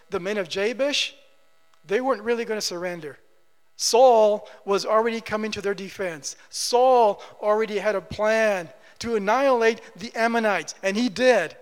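High-voiced preacher in a reverberant hall. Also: male voice. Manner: swings from loud emphatic preaching to quiet, low asides, with repetition. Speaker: pastor. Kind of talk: sermon.

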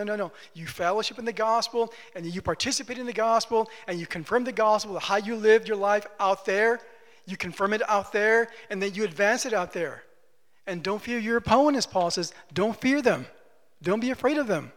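A man's voice: high-pitched, normal speed, fairly bright tone. A man preaching a sermon as pastor, exhorting with emphatic repetition, in a long church reverb.

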